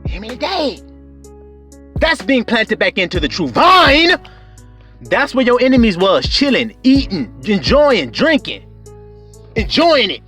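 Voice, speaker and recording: Male preacher, fervent sermon, high voice, wide swinging pitch, whoops and shouts. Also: big pitch swings, measured pace, soft background music.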